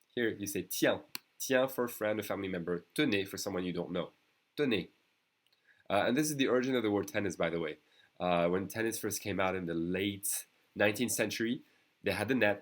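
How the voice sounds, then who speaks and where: A man with a French accent, a native French speaker teaching a beginner language class online, explaining patiently and often checking in with "okay" and "d'accord". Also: on the low side.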